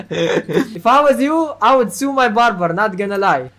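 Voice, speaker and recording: A man's voice: very high voice, noisy background. A man prank-roasting random strangers over video chat, teasing them and laughing often.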